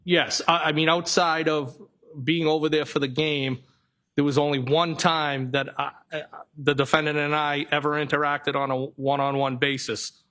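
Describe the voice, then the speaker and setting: A man testifying as a witness in a courtroom, reading messages aloud in a careful, flat way and sometimes correcting himself. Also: a little high, moderate pace. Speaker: trial witness.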